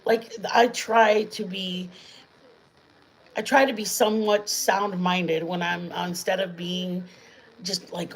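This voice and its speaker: A middle-aged woman hosting a casual home-kitchen live stream, chatting in a rambling, warm way with her viewers. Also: mid-range voice, measured pace, a little hiss or hum, poor audio. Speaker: channel host. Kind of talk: casual chat while cooking, live stream.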